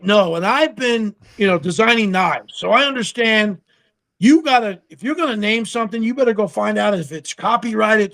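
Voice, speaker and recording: Gravelly and high-pitched, this man is a guest in an interview, co-founder of a pickle company. His casual business start-up stories come alive as he performs the quoted lines, with some salty words mixed in.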